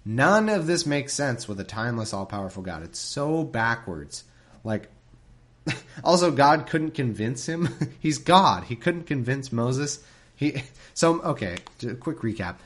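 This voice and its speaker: A man's voice: medium pitch, big pitch swings, unhurried. A man reading scripture aloud and breaking off into sarcastic, irreverent commentary.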